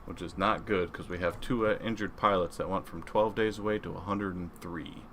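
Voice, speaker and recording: Lower-pitched man doing casual game commentary. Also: steady tone, brisk, a bit bright, slight background noise. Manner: casual, rambling, reads game text aloud. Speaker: gaming video creator.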